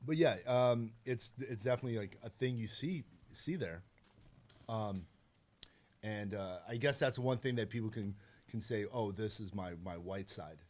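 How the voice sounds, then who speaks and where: A man's voice: on the low side, normal speed, darkish tone. Rambling man co-host, easygoing chat. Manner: rambling, questioning, heavy on "like". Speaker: podcast co-host. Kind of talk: casual chat.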